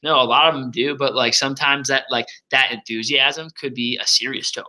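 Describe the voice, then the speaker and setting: A young man coaching sales reps in a casual walkthrough, energetic and loud, full of "like" and "um" fillers. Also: medium pitch, a little fast, poor audio. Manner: energetic and loud, says so himself, many fillers. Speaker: sales trainer.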